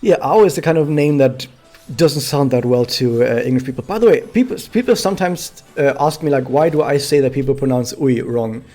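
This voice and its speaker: A man's voice: mid-range voice, lively intonation, brisk, warm tone, soft background music. A man streaming a game, chatting casually to his viewers and explaining things with many fillers. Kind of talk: casual gameplay commentary to chat.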